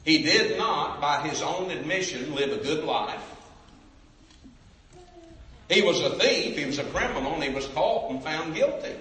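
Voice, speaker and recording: A man's voice: a little high, lively intonation, measured pace, pauses often, sharp tone. A man preaching an evangelistic sermon, calling out to the crowd for responses. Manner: emphatic, calls out to the crowd for responses. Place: large church sanctuary. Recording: echoey hall, from a distance.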